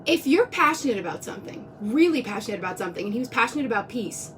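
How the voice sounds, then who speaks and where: Her pitch swinging widely, a woman with a fairly high voice talks fast through an earnest, rambling live-stream monologue, close to tears and restarting frequently. The phone records her from a distance, with a faint rumble underneath.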